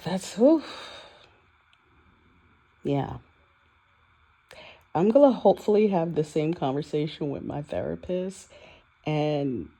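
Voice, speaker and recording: Low-voiced woman, candid and emotional. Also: dark tone, breathy edge. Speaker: vlogger. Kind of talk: candid personal reflection. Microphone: audio only, no video.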